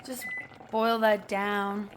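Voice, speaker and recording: A woman's voice: mid-range voice, level tone, drawn-out words, slight background noise. A woman vlogging from her home kitchen while baking, chatty and playful, laughing often. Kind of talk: casual kitchen vlog.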